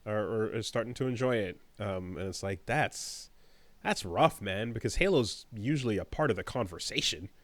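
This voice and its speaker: A man's voice: lowish voice, lively intonation, normal speed, dry recording. Rambling man co-hosting a podcast. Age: 30s. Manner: rambling, trailing off with many fillers. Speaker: podcast co-host. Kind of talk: casual chat and host-read ad.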